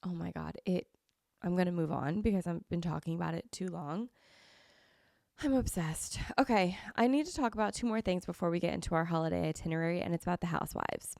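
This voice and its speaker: A woman's voice: lowish voice, fairly quick, gravelly, a little mellow, no echo, studio quality. A young woman hosting a podcast, chatting casually and gushing effusively, with a slight cold. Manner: gushing, effusive, repeats herself. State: has a cold, sniffly. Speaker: podcast host. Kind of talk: casual chat.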